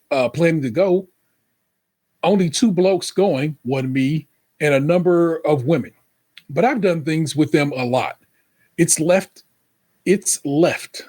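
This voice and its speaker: A man co-hosting a podcast in loose, profane casual chat, telling stories and putting on voices for quotes. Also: a little high. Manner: loose, profane, animated storytelling with put-on quotes. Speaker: podcast co-host.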